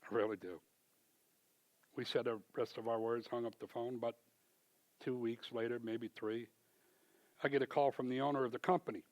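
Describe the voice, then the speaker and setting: Animated man telling his testimony. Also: medium pitch, fairly quick. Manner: animated storyteller who acts out both sides of conversations. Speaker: small business owner giving testimony. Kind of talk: church testimony storytelling. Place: church sanctuary.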